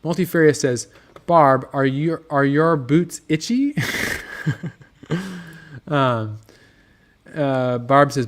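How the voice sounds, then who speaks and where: This medium-pitched man is hosting an easygoing livestream out of a motorcycle shop. Reading viewers' comments, he rambles comfortably, stumbling through plenty of ums and false starts.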